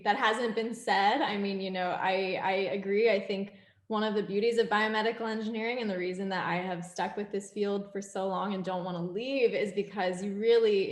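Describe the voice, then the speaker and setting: A woman panelist on a video call, talking in an earnest, reflective way. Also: mid-range voice. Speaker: panelist, biomedical researcher. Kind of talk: casual panel talk. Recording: roomy webinar audio.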